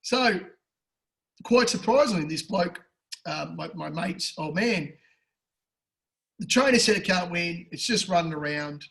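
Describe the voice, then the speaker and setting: A man's voice: a little slow, vocal fry, long pauses, rough recording. An Australian man co-hosting a casual betting podcast, telling a yarn with lots of swearing and acting out the people in it. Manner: animated, swears freely, acts out characters with big pitch jumps. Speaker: podcast co-host. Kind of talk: casual storytelling chat.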